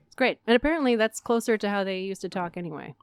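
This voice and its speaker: A woman from Arizona chatting as a guest in a radio interview, upbeat and quick to laugh at herself. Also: medium pitch, expressive, clear, resonant tone, no room sound. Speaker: guest, stage actor. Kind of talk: casual interview chat.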